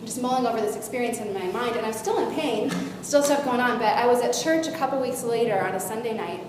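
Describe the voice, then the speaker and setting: A woman's voice: fairly high pitch, quick pace. A woman animatedly telling a personal faith story to a young audience as a guest speaker. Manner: animated storytelling with lively shifts in loudness. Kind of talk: personal testimony to a youth audience. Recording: echoey hall, faint noise.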